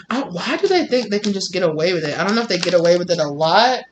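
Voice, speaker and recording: Blunt, bright-voiced tarot reader. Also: mid-range voice, animated, fast, hardly any pauses, a little hiss or hum. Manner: blunt and profane, acts out quoted people. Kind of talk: casual tarot reading to camera.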